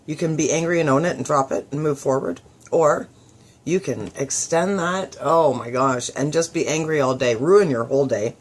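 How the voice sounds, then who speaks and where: A woman's voice: sits low, normal speed. Upbeat chatty woman host. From southwestern Ontario, Canada. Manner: chatty, upbeat, acts out quoted thoughts. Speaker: radio show host. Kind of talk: motivational radio talk.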